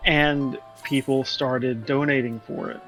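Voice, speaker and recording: A man's voice: mid-range voice, steady tone, takes it slowly, fairly bright tone, soft background music, low-quality recording. A man chatting casually during a game stream, telling a long, rambling story and laughing along as he goes. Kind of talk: casual chat while gaming.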